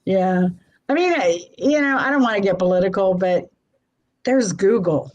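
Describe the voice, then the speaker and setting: A woman with a Midwestern American accent hosting a casual live-stream chat, talkative and quick to laugh. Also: medium pitch, lively intonation, darkish tone, highs cut off. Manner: chatty, laughs often. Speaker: host.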